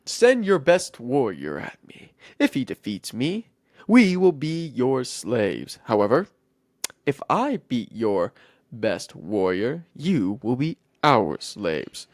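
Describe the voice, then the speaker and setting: A mighty giant put on by a man who drags out his boasts at a crawl, mocking and grandiose. The voice dips low and swings widely as he taunts, recorded close and dry. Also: sing-song, no echo. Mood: taunting. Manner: slow, taunting, grandiose threats.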